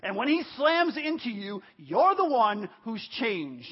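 A man's voice: very high-pitched, big pitch swings, a little slow, breathy edge. A pastor in his fifties preaching a sermon at a church service, emphatic, repeating phrases for stress. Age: 50s. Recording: dull lo-fi church audio.

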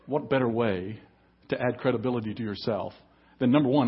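A man's voice: medium pitch, a little fast, husky, dull audio. A man preaching an emphatic sermon as pastor at a church service. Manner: emphatic preaching, reads scripture aloud.

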